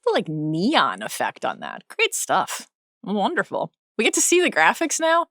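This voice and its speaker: A woman's voice: mid-range voice, wildly swooping pitch, moderate pace, fairly bright tone. A woman co-hosting a podcast in casual chat, joking and telling rambling anecdotes. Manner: chatty, jokey, rambling anecdotes. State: tired, running on coffee. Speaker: podcast co-host.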